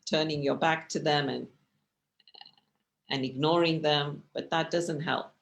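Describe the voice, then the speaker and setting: Creaky-voiced woman teaching over video call. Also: sits low, fairly even intonation, measured pace. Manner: conversational, gestures while talking, often checks in with "right?". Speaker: teacher of a communication class. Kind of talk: online lecture with slides.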